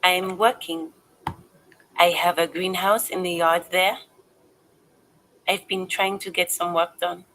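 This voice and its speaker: Cagey game gardener, talks slow, kinda defensive. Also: female voice, on the low side, flat delivery, a bit bright, slight background noise, low-quality recording. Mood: guarded. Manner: guarded, slightly defensive. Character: wary adult woman gardener.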